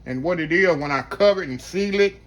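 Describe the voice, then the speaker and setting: Southern country man, homey cooking-video host, chatty y'all delivery, slightly high voice. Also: fairly quick, noisy background. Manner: folksy, chatty, keeps addressing viewers as y'all. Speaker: home cooking vlogger. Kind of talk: casual cooking demonstration. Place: home kitchen.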